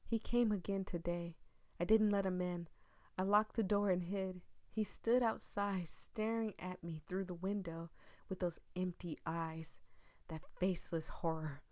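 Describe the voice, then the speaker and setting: A woman voicing an elderly, grieving mother in a horror game, reading in a hushed, intense way that drops into whispers. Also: lowish voice, steady tone, a little slow, no room sound, close to an everyday voice. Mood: angry, fearful. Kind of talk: dramatic reading of game text.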